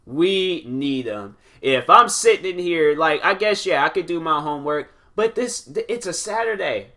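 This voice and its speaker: A young man hosting his own show, rambling through stories in a casual, animated way with many restarts. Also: high voice, normal speed. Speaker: podcast host. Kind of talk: casual chat answering questions.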